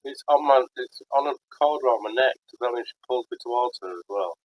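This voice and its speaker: A man playing a tabletop game, speaking in halting bits and restarting mid-sentence. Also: mid-range voice, muffled recording. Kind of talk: casual play at the table.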